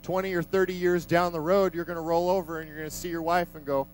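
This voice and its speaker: A man delivers a sermon in a relaxed, conversational way, with emphatic turns and a slightly high voice. His talk moves between plain explanation and vivid storytelling. A faint hum sits behind him. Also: fast, poor audio. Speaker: preacher.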